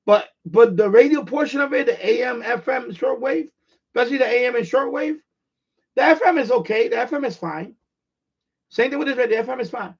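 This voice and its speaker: This radio hobbyist's voice is extremely high, creaky, and slightly rough, and he talks briskly. Puerto Rico-born and Bronx-raised, with a New York accent, he rambles bluntly and casually on his live stream, repeating himself, over dull lo-fi audio.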